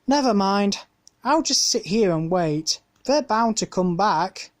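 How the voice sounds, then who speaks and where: A woman's voice: mid-range voice, slow pace. A woman voicing an eager, spirited young girl in a storybook reading. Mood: worried. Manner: excited, pleading.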